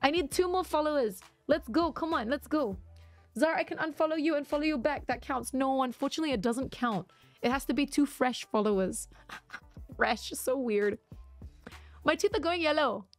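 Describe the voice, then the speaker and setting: Woman streamer, higher voice, casual and giggly, chatting with viewers. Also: normal speed, soft background music. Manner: chatty, laughs often, reads chat aloud. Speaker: livestreamer.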